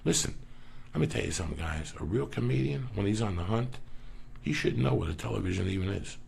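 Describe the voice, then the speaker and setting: A man telling stories as a comedian guest in a casual podcast, profane and animated. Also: sits low. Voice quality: gravelly. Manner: profane, animated, rapid-fire.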